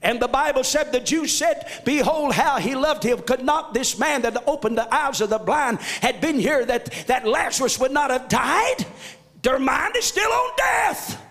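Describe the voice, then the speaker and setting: A male pastor preaching a fervent sermon in a church, often shouting. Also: very high-pitched, moderate pace, creaky, hardly any pauses, big-room sound. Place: church sanctuary.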